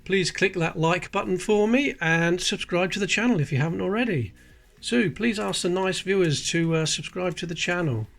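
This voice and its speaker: A man's voice: high-pitched, normal speed, creaky, fairly bright tone, faint music behind. Chatty man sorting coins. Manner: chatty, explains details while handling coins. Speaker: coin collecting channel host. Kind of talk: casual coin-sorting commentary.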